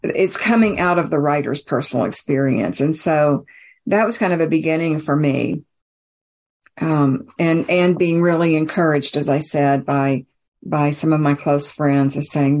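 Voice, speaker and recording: A woman author speaks in a relaxed interview, thinking aloud as she goes. She often restarts her phrases and laughs lightly between thoughts. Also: low-pitched, a little slow. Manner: reflective, warm laughing asides, many restarts. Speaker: author guest. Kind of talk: casual interview conversation.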